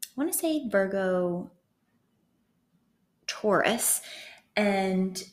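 A woman's voice: medium pitch, animated, extremely slow. Giggly chatty woman in an echoey room. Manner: chatty and giggly, full of "like" fillers. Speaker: podcast co-host. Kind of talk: casual chat. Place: public venue.

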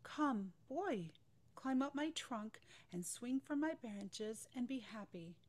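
Gentle, selfless storybook tree, read by a woman, tender and unhurried. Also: on the high side, expressive.

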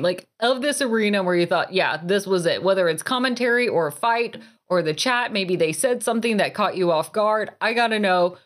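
A woman co-hosting a casual post-game chat, asking the players questions and laughing easily. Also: medium pitch. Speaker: co-host.

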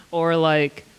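A man's voice: on the high side, smooth, big-room sound. A young man answering in class, shy and giggly. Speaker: student volunteer.

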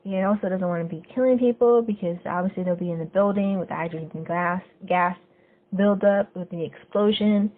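A woman's voice: mid-range voice, fairly quick. Woman recapping a show over a tinny line. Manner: retells scenes step by step, lively when quoting characters. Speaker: podcast host. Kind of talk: casual episode recap. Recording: phone-like narrow sound.

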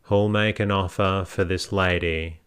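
A short auctioneer with a damp voice calls out the bids, voiced by a man. The sound is low and very clear. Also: steady tone, a bit bright, no room sound, studio quality. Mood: calling bids. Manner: brisk calling of bids.

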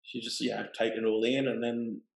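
A middle-aged man, telling a personal story in a relaxed, plain-spoken way. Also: mid-range voice, quick pace, gravelly, slight background noise. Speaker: guest. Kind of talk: casual storytelling. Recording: roomy echo.

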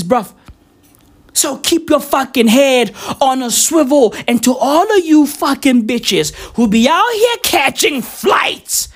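High-voiced, slow-talking woman ranting. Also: breathy edge. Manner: profane, slangy, animated, drawn-out. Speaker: vlogger. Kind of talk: casual monologue rant.

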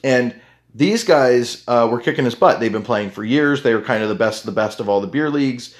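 A man's voice: mid-range voice, lively intonation, brisk. A man hosting a solo podcast in a casual, rambling way, with lots of fillers and restarts. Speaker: podcast host.

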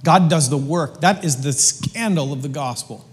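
Pastor, male, high-pitched, chatty and jokey, preaching in a reverberant hall. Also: normal speed. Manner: casual, joking, slangy preaching with lots of restarts. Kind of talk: sermon.

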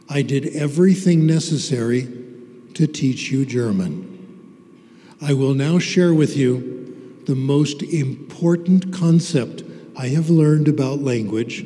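A man's voice: on the high side, mellow. A man giving a humorous, interactive talk to a live audience about language teaching, teasing the listeners playfully. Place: large hall with a live audience. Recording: long hall reverb.

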